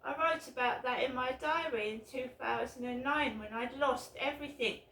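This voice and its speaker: A woman ranting angrily in a vlog, swearing and bursting into shouts. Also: high voice, moderate pace, a little hiss or hum. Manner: bitter, swearing, shouting outbursts. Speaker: vlogger. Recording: roomy echo, mic at a distance.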